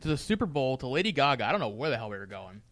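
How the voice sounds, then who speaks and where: Rambling young man, expressive and lively. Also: medium pitch, very fast, dry recording. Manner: rambling storyteller, does impressions. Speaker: podcast co-host. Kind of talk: casual group chat.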